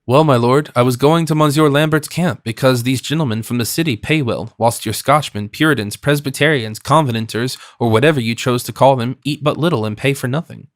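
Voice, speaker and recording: A man reads a wily fisherman in his fifties, chatty and humbly deferential with a sly edge. The audiobook sound is close and dry. His pitch sits at a middle level. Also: a little fast, few pauses, no echo, lightly acted. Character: cunning, talkative French fisherman in his fifties.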